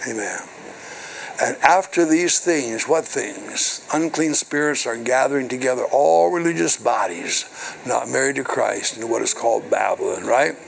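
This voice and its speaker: An older minister preaches to his congregation in church, reading scripture and then explaining it with call-and-response asides, repeating "hello" and "right." His medium-pitched voice is animated, with vocal fry, at a normal speed. The recording is low quality, with a little hiss or hum.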